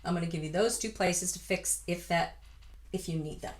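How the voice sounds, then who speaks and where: In a lowish voice at a moderate pace, a U.S. vocal coach leads a friendly, supportive singing lesson. She talks casually and now and then sings examples at full voice.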